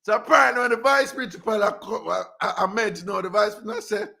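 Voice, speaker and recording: A man hosting a radio show, telling a story in casual chat, animated and laughing often. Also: high voice, quick pace, vocal fry. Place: radio studio.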